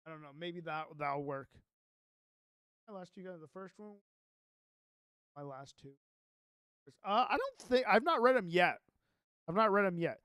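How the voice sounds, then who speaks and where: Chatty young male streamer, high voice. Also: animated, measured pace, pauses often, a bit bright, clear, resonant tone, no echo, clean studio sound. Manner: chatty, rambling, reads his own text aloud. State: sleepy, yawning. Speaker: Minecraft streamer. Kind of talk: casual live-stream chat.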